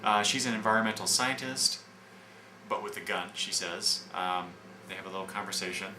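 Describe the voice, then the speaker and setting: A man casually reviewing comic books, talking in a halting way with frequent restarts as he sums up the story. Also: sits low, level tone. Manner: halting, with many fillers and restarts while summarizing. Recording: echoey room with background noise.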